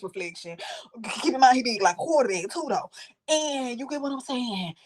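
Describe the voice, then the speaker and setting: Animated, profane woman telling a story. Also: on the high side, normal speed. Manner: animated, profane, dramatic quoting of others. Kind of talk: casual storytime.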